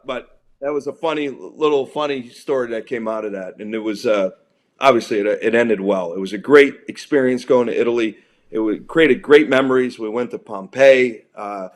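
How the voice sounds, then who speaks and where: Animated middle-aged male storyteller. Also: mid-range voice. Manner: excitable, acts out quotes with restarts. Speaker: wrestling event organizer guest. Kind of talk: animated storytelling in a podcast interview.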